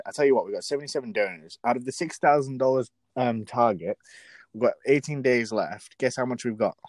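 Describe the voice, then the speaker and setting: A young New man chats loosely as a podcast co-host, joking and offhand, at an ordinary mid pitch. His voice is close to the mic and dry, with no room sound. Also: brisk, a little mellow, no echo. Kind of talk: casual chat.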